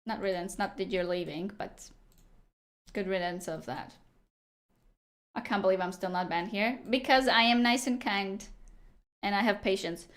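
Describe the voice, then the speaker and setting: Chatty woman streamer talking to chat. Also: mid-range voice. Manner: chatty, teasing, answers chat out loud. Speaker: livestreamer. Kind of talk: casual live-stream chat.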